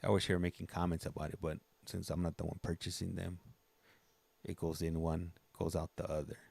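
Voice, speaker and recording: A man with a very deep, gravelly voice hosts a livestream in loose, rambling chat. He circles back and restarts his sentences often, and the sound is dry and close. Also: flat delivery, fairly quick, darkish tone, dry recording. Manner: rambling, chatty, many restarts. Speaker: livestream host. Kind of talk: casual chat.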